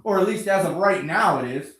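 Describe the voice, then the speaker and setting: Brisk and high, with lively intonation and a slightly bright tone, a man's voice fills a roomy space. He's a vlogger wrenching on a motorbike whose engine won't start, and he rants at it to the camera, angry, sarcastic and swearing constantly while a bit out of breath.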